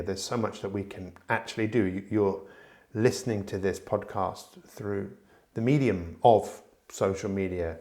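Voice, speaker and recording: A middle-aged man with a low, gravelly voice hosts a solo podcast. He talks to the listener directly in an earnest, reflective way, often restarting his sentences as he thinks aloud. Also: a little mellow. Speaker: podcast host.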